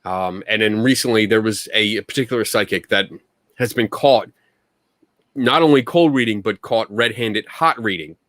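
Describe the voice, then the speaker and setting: A man's voice: lowish voice, normal speed, fairly bright tone, dry recording. A man co-hosting a casual podcast chat, ranting angrily and swearing, then laughing it off. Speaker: podcast co-host.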